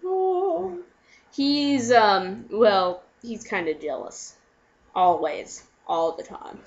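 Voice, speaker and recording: A woman's voice: medium pitch, animated, very slow. A young woman casually telling a story on camera, chatty and giggly, acting out her friends' lines. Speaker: vlogger. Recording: dull lo-fi home recording.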